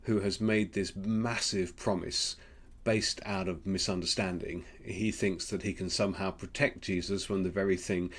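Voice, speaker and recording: A man with an Australian accent giving a gentle, reflective Lenten devotional, pausing often with ums. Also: sits low, steady tone. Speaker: preacher.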